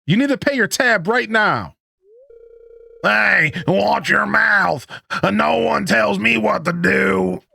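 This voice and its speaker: A rough, hard-drinking older woman from a farming game drawls slowly, then snaps back defiantly, as a man puts her on. The voice sits high and gruff with a gravelly grain. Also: big pitch swings, bright, forceful tone, exaggerated voice. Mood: angry.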